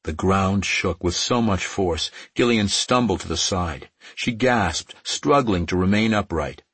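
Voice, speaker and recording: A man reading romance fiction aloud as an audiobook narrator, in a measured, softly emotive way. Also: sits low, husky, no echo.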